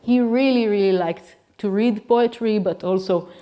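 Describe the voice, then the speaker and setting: A woman's voice: mid-range voice, unhurried, dark tone. A woman, a native Hebrew speaker, giving an academic lecture as guest lecturer, explaining step by step with restarts and checks like "okay?". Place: lecture hall.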